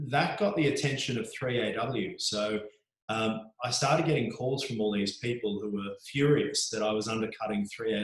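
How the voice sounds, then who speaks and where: Australian male journo guest, thirties, lower voice, anecdotal and chatty, echoey room. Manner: chatty, frequent ums, animated anecdotes. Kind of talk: casual interview storytelling. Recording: roomy echo.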